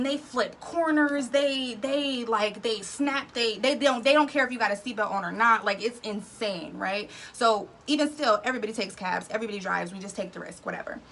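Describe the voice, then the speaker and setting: A woman telling a casual story, animated and slangy, often tagging lines with "right?". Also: on the high side, gravelly, slight background noise. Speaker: vlog storyteller.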